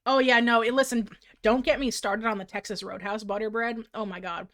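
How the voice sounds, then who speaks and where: A bubbly woman streamer chats casually while she draws, laughing between her remarks. Her voice sits a little high. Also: steady tone, fairly quick, a bit bright. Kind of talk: casual livestream chat.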